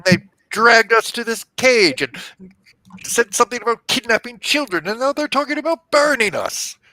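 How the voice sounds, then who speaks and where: A small male fey creature pleads his innocence in a high, quick, stammering voice, with a man acting him out. His voice is gravelly and bright, with sharp jumps in pitch. Recorded dry, close to the mic. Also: expressive, no echo, full character voice, rough recording. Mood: indignant.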